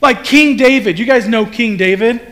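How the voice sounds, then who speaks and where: A man's voice: very high voice, moderate pace, a bit bright. A man preaching a sermon to a room of people, speaking conversationally with rhetorical questions and acted-out quotes. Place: room with a congregation.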